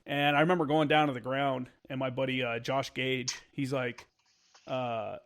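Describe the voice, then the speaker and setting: In a mid-range, level, fairly bright voice, a former Marine recounts war stories candidly on a podcast. He swears freely, mimics old radio calls, and his casual storytelling is halting, with many fillers.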